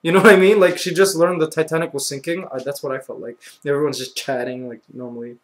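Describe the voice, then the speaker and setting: Young guy telling a story on his vlog, kinda high voice, says like a lot, gets super loud and excited. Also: fast. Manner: excitable, acts out his own reactions with sudden loud outbursts; peppers speech with "like" and "you know". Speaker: vlogger. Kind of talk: animated storytelling.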